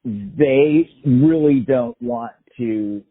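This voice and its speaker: Husky-voiced guest man, tinny line. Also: medium pitch, very slow. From West Coast of the US. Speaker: podcast guest. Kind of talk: casual chat.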